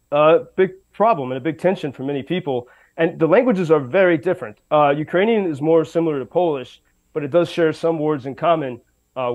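A man's voice: fairly high pitch, low-quality recording. A man reporting by radio from western Ukraine, speaking unscripted with many fillers and restarts. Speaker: radio correspondent.

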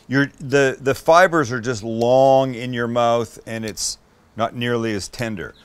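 A man's voice: mid-range voice, expressive, unhurried, smooth, no echo. A middle-aged man hosting a casual cooking demo, enthusiastic and swearing as he tastes his food on camera. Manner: enthusiastic, swears, talks to camera while eating. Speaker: cooking show host.

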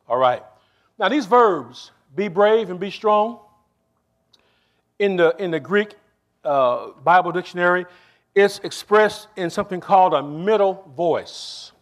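A male pastor preaches to his congregation, slowly stressing some lines before rushing through asides, and often asks the room for a response. His voice sits high and sounds animated.

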